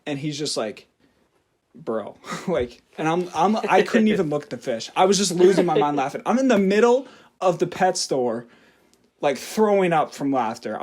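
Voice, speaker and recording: A young man telling a story on his podcast, his voice sitting a bit higher than most men's. He talks loosely and animatedly, laughs through his own story and swears without a second thought. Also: darkish tone. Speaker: podcast co-host. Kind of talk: casual storytelling.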